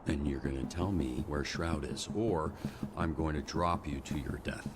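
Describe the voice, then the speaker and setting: An actor playing a sarcastic male vigilante who calmly threatens a captive. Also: very deep voice, moderate pace, very noisy. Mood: menacing. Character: gruff, sardonic male vigilante interrogator. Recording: game audio with clear music.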